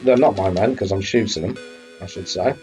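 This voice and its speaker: A man's voice: low-pitched, fairly quick, mellow, faint music behind. A man hosting a retro game live stream, chatting casually and swearing now and then. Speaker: streamer host.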